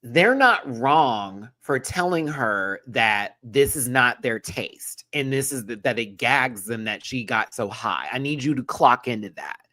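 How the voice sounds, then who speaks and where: A man's voice: a little slow, hardly any pauses, no echo. Brief male live-stream host, dramatic and profane, dead-dry mic. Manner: animated, emphatic, slangy and profane; swings between loud bursts and low muttering. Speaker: show host reviewing a TV episode.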